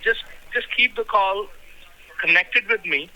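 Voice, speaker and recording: A man's voice: high voice, measured pace, bright, forceful tone. A man with an Indian accent posing as an officer on a phone call, giving insistent, repetitive instructions with many fillers. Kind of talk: scripted phone pitch. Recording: tinny phone line.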